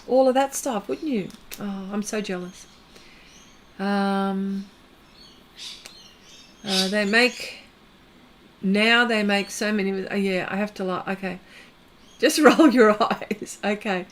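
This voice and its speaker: Woman, Australian accent, middle-aged, livestream host, rambling casual chat, average pitch. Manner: rambling, chatty, many fillers and restarts. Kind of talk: casual chat with live viewers.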